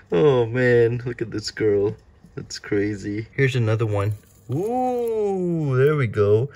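A man keeping tarantulas, chatting casually and excitedly as he feeds them, often exclaiming and talking to the animals. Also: mid-range voice, takes it slowly. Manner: excitable, talks to his spiders, laughs and exclaims often. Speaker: tarantula keeper filming feedings. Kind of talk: casual vlog commentary.

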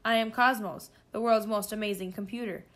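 A woman's voice: mid-range voice, fairly even intonation, fairly quick, fairly bright tone, natural voice. A woman voicing a fussy, self-important male supercomputer in a storybook reading, speaking in a snooty, mechanical way. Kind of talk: storybook read-aloud.

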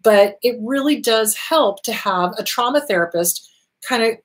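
A woman's voice: fairly high pitch, lively intonation, unhurried. A woman therapist hosting a talk show, answering viewer questions in an earnest, reassuring way and repeating her key points.

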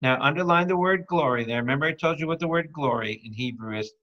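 A man, a priest, teaching a lively Bible study, calling out questions to his listeners and joking between readings. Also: on the high side, fast. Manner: calls out to the audience with repeated questions; playful, jokes and breaks into song. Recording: dull lo-fi recording.

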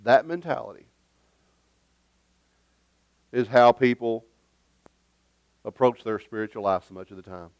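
A man's voice: mid-range voice, unhurried, long pauses, darkish tone, no room sound. A man preaching a sermon as pastor in a church, emphatic and conversational, with joking asides. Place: church sanctuary.

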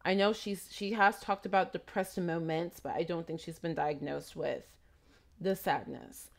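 A woman's voice: on the low side, steady tone, a little slow, vocal fry. A woman talking casually and reflectively in a vlog, with a slight trace of a foreign accent, rambling through asides and questions. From immigrant raised in Texas. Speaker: vlogger.

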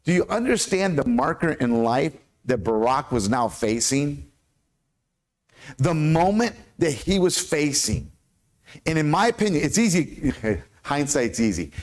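A man with an American accent preaching a sermon as pastor, animated, with questions to the congregation. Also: on the high side, a little slow. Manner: animated, asks the congregation questions, stumbles over hard names.

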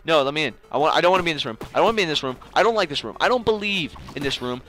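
A young man chatting casually through a video game run, joking and talking straight to the enemies. His fairly high voice leaps up and down in pitch. Faint music plays behind him. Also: quick pace. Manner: excitable, jokey, talks to the game and enemies. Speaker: gaming channel host. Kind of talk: casual gameplay commentary.

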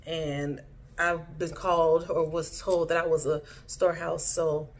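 A woman with a slightly low voice recounts a dream for her vlog. She rambles, stops and restarts, and fills the gaps with "um" and "like," in a loose, casual storytelling way. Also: little pitch movement, unhurried. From Haiti. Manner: rambling, many fillers and restarts. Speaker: vlogger.

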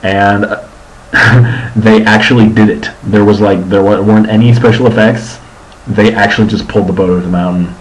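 A man's voice: fairly low pitch, steady tone, normal speed, poor audio. A young man rambling through a casual video diary about his day as a student, full of ums and restarts. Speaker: student vlogger.

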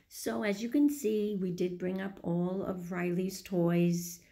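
A woman's voice: fairly low pitch, steady tone, slow, creaky, few pauses, warm tone. A woman vlogging with her small dog, talking to it in doting, sing-song baby talk full of coaxing questions. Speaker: pet vlogger.

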